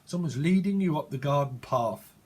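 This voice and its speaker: A British man rambles through a casual tarot reading in a husky, slightly high voice. He jumps playfully from idea to idea and slips into slangy imagined dialogue. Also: expressive, normal speed, darkish tone. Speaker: tarot reader.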